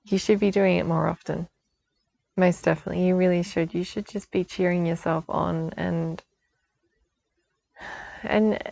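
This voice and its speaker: A woman's voice: fairly low pitch, vocal fry, dark tone, rough recording. A woman giving a chatty spiritual guidance talk outdoors, reassuring and laughing often. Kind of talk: casual spiritual forecast talk.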